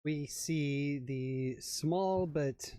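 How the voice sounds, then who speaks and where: A man narrating as game master, in an unhurried, halting manner. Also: fairly high pitch, mellow, a little hiss or hum. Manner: unhurried, with many fillers and restarts.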